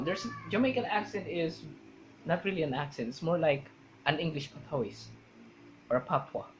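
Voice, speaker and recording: A man's voice: a little high, slight background noise, low-quality recording. A man vlogging casually, rambling and searching for words as he explains.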